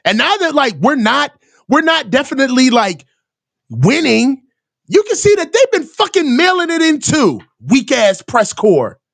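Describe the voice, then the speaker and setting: High lively voice, sarcastic profane sports rant, super dry close mic. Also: a little slow, vocal fry, no echo. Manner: heated, sarcastic, swears a lot, mocks reporters in put-on voices. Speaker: live reaction show host.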